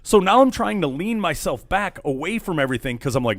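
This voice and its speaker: Animated man telling a wild story. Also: on the high side, brisk, no room sound. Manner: animated storyteller, acts out quotes. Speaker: radio show host. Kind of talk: casual storytelling chat. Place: studio.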